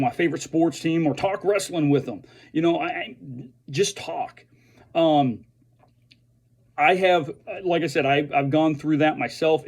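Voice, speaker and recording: Earnest, halting man with a slightly high voice. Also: darkish tone. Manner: earnest, halting, with frequent restarts. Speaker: veteran speaking to fellow veterans. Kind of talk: earnest direct-to-camera message.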